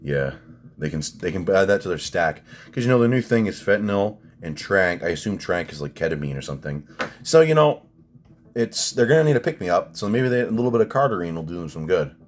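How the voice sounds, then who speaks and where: A man's voice: sits low, sing-song, brisk. A man in his thirties ranting sarcastically in a casual vlog, swearing often. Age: 30s. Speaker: vlogger.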